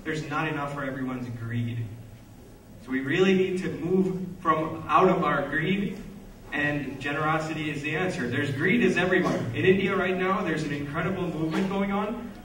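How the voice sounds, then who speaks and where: A man's voice: fairly high pitch, moderate pace, a bit bright, slight background noise. A man giving an earnest, plain-spoken speech at a conference. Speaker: conference speaker. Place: conference hall. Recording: echoey hall, mic from far off.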